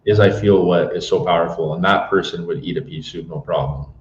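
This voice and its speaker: A young adult man with a Canadian accent, a podcast guest talking in a reflective, unhurried way and slowing down to pick his words. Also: low-pitched, roomy sound, muffled recording. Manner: reflective, slows down to choose words. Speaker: guest author and coach. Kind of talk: casual podcast conversation.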